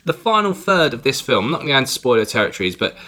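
A man's voice: mid-range voice, very animated, very fast, sharp tone. A man from England co-hosting a podcast, chatting casually and rambling through a film review, with the odd swear word. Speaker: podcast co-host.

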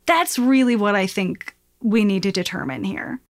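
A woman co-hosting an advice podcast, chatting casually in a playful, animated way and swearing now and then. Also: mid-range voice, normal speed, dry recording, clean studio sound.

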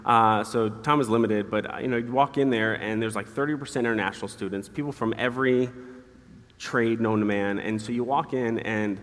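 Fast-talking man in an echoey hall. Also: fairly low pitch, steady tone. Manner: quick, earnest, laughs at his own stories. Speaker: guest. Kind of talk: candid storytelling interview. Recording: hall reverb.

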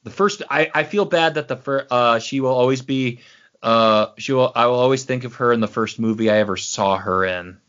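A man's voice: medium pitch, moderate pace, fairly bright tone, lo-fi sound. A man in casual chat about movies, rambling and enthusiastic.

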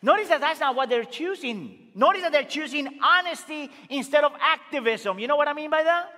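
A male pastor delivers a sermon with a strikingly high, bright voice. He swings between emphatic, rising exclamations and quiet, low asides. The sound carries a long church-hall reverb. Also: lively intonation, a little fast. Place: church sanctuary.

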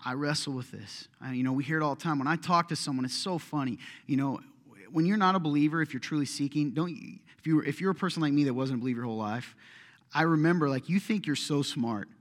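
A man's voice: fairly high pitch, fast. A middle-aged man preaching a sermon as a pastor, conversational and impassioned, acting out prayers and complaints aloud.

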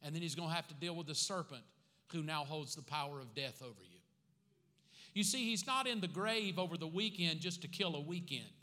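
A man with a high, bright, forceful voice preaches a sermon in a church sanctuary. He slows down to hammer home repeated phrases and tosses playful asides to the congregation. Long reverb from the big hall trails after his words. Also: lively intonation. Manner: joking asides with the congregation between teaching points; slow emphatic repetition of key phrases. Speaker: pastor.

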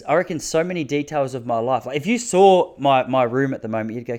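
A man chats casually outdoors in his backyard, telling loose, rambling stories. He often restarts mid-sentence and stays at a middling pitch. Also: brisk. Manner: rambling, self-interrupting, drops to a hushed mutter when the neighbour passes. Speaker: vlogger talking to his audience. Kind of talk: casual storytelling monologue.

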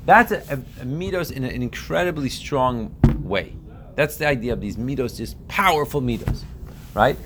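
A man's voice: medium pitch, lively intonation, moderate pace, background noise. A man teaching a text-based class in a conversational way, often checking in with his listeners and trailing into asides. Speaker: Torah teacher. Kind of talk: casual explanatory class.

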